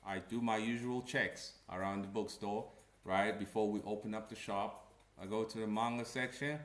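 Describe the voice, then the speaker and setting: A man giving blunt, animated commentary as a comic creator, with slangy asides. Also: on the low side, moderate pace. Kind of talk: casual ranting commentary. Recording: echoey room.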